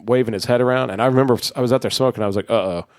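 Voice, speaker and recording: Man, podcast co-host, casual rambling chat, swears a lot, mid pitch, dry close sound. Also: steady tone, rapid-fire, darkish tone, no echo. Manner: rambling storyteller, swears freely.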